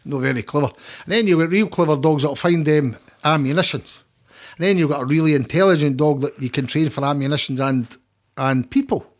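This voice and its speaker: A Scottish man talks in a fairly high voice as a podcast guest. His story rambles, with stumbles, repeated words and freely dropped swearing, all in a loose, casual way. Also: fairly quick.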